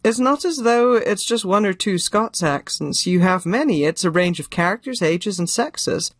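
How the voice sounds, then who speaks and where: A man interviews a guest, asking curious questions and praising her warmly. The recording is dry and close. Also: high-pitched, lively intonation, normal speed, dry recording.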